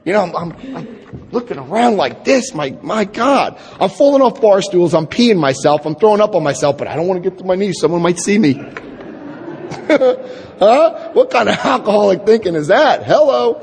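A man in his forties speaking at a recovery meeting, telling his story with lively acted-out dialogue. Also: high-pitched, fairly quick, slight background noise. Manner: animated storytelling, acts out quoted dialogue. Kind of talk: personal recovery talk. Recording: long hall reverb.

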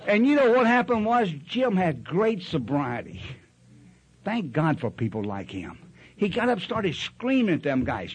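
An older man shares his story at a recovery meeting, rambling in a folksy way and acting out other people's voices. His voice sits high and is very animated, moving at a moderate pace, with background noise in the recording.

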